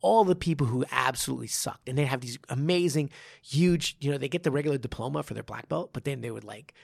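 A man who teaches martial arts, talking in a casual podcast chat and telling a story with animated swearing and frequent restarts. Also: medium pitch, quick pace, vocal fry, slightly rough, no room sound.

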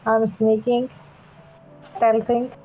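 A woman's voice: a little high, flat delivery, drawn-out words, warm tone, slight background noise, poor audio. A woman as a player in a tabletop role-playing game, talking casually and hesitantly. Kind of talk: tabletop role-play chat.

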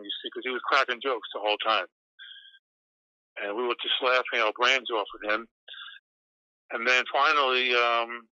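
Man, interview guest, animated rambling storyteller, casual swearing, very bright forceful tone, dry close sound. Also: mid-range voice, dry recording. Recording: dull lo-fi sound.

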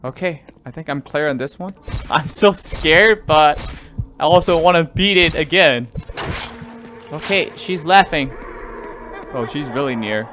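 A man commentating a horror game let's play, jumpy and easily startled, swinging between loud yelps and quiet muttering. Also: a little high, lively intonation, measured pace, pauses often, faint music behind. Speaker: gaming YouTuber.

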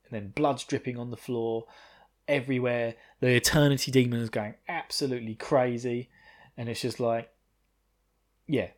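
A man's voice: mid-range voice, steady tone, normal speed. A man hosting a podcast, casually recapping an anime episode, rambling, laughing often and swearing freely. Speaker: podcast host.

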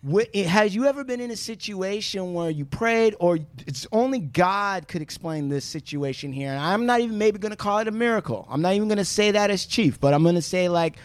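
A man's voice: high voice, brisk, hardly any pauses. A man hosting a podcast, telling stories in casual chat, joking and swearing as he goes. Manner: animated, profane, joking storyteller. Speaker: podcast host.

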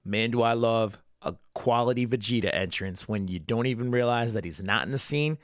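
Young guy rambling excitedly about an anime episode, swears a lot, mid voice, dry close sound. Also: medium pitch, a little fast, no room sound. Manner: profane, enthusiastic fan rambling. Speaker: podcast host. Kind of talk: casual episode recap.

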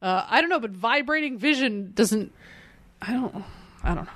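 A woman's voice: on the high side, lively intonation, a bit bright. A woman in her thirties co-hosting a podcast, chatting casually about an old comic, laughing often and acting out the characters. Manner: giggly, acts out characters in quick asides. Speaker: podcast co-host.

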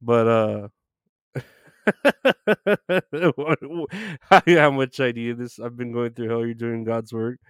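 A man's voice: medium pitch, slow, pauses often, smooth, no room sound. A man hosting a live stream, greeting viewers by name in loose, profane chat with frequent laughs.

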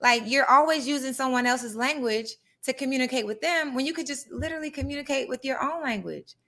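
A young adult woman hosting a live podcast, talking in an animated, conversational way and now and then reading passages aloud. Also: high-pitched, brisk. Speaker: podcast host.

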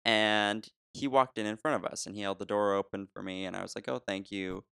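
A man telling a long story in casual chat, animated, laughing often and restarting sentences. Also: lowish voice, brisk, vocal fry, clear, resonant tone, no room sound, studio quality. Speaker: podcast co-host telling a story.

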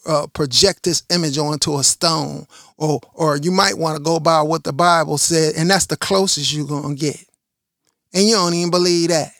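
A man's voice: sits high, creaky, fairly bright tone, dry recording, clean studio sound. A middle-aged man, preaching a confrontational, repetitive monologue as a religious podcast host.

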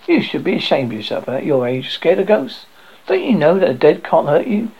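A man voicing a sharp-tongued, sarcastic older mother who scolds her grown son, in a storybook reading. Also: fairly high pitch, very animated, fairly quick, slightly rough, dull audio, voice pushed up, exaggerated voice. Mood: scolding.

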